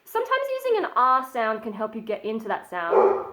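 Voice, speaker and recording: A woman with a fairly high speaking voice talks through a home vocal lesson in a loose, chatty way. She is modest about her skill and keeps breaking off to show the sighs and growls she is explaining. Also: wildly swooping pitch, a little fast, heavy background noise. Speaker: metal vocal tutorial presenter. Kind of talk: casual spoken tutorial.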